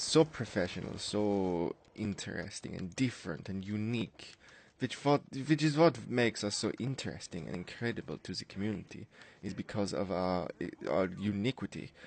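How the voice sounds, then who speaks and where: Male streamer doing a self-important mock-German braggart, half-Jamaican accent, low and slightly hushed. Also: lively intonation, normal speed, gravelly, few pauses, a little hiss or hum. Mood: pompous. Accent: mock German, said to sound Jamaican. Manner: pompous, self-important lecturing. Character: pompous boastful man with mock German accent.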